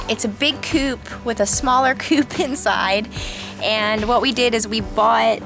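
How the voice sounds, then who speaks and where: A woman's voice: on the high side, unhurried, creaky. A woman vlogging outdoors by a boat, chatting and cooing baby talk to her pet. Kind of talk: casual vlog chat. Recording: vlog with background music.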